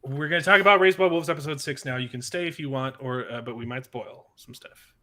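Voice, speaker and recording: A man's voice: medium pitch, fairly quick, pushed and bright. A man hosting a casual podcast, chatty and self-deprecating as he tells stories. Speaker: podcast host. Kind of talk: casual chat.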